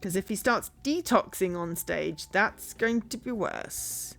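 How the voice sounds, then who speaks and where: A woman's voice: medium pitch, expressive, takes it slowly, vocal fry, a bit bright, soft background music. A woman streamer giving casual game commentary, chatty and thinking aloud.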